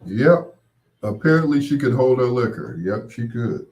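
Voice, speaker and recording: A man's voice: mid-range voice, lively intonation, moderate pace, darkish tone. A man hosting a late-night radio show, chatting in a laid-back way with wry asides.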